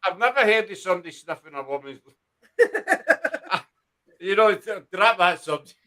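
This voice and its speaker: A man hosting a relaxed panel chat. His voice sits a little high and rings bright. He jokes his way through the talk and laughs easily. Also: a little slow, rough recording. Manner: joking, laughing often. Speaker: podcast host.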